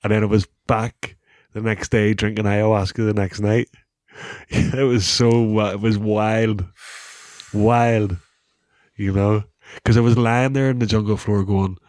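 A middle-aged man with a Northern Irish accent, telling a story casually as an interview guest, animated, with "bro" and "wee" and plenty of laughs. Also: lowish voice, measured pace, no room sound, studio quality. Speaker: guest, former rugby player.

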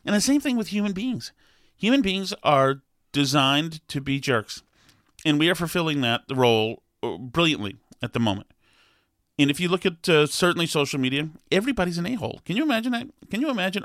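A man's voice: sits high, a bit bright, dry recording, studio quality. Wry rambling man. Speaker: storyteller. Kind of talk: casual monologue.

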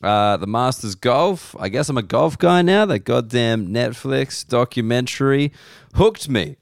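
An Australian comedian hosting a podcast, telling rambling self-deprecating stories slowly, his voice hoarse and worn. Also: mid-range voice, lively intonation, dry recording, clean studio sound. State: losing his voice. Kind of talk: casual comedic monologue.

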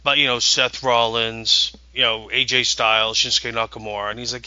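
Bright, eager rambling man on a podcast. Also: mid-range voice, little pitch movement, normal speed, no echo, dull audio. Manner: rambling, eager storyteller with many restarts. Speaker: podcast co-host. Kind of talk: casual podcast chat.

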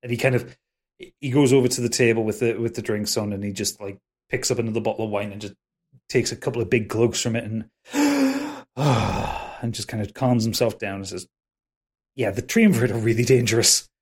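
A man's voice: on the low side, steady tone, a little fast. A man running a tabletop role-playing game as game master, narrating with stumbling restarts.

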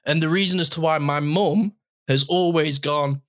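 Man in his thirties, podcast host, slightly high, tearful and heartfelt. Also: moderate pace, fairly bright tone. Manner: emotional, heartfelt, close to tears. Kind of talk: casual podcast chat.

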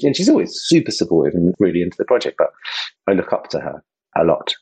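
A man hosting a casual podcast conversation, enthusiastic and self-deprecating, slipping into quick impressions. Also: low voice, very animated, vocal fry, a little mellow, slightly rough, low-quality recording. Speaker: host and project creator.

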